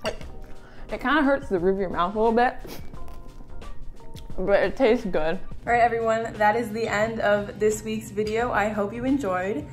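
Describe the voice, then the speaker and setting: Excitable young woman cooking on camera. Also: medium pitch, normal speed, long pauses, soft background music. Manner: excitable and nervous, laughs often, says "like" a lot. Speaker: food vlogger. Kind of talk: casual cooking vlog.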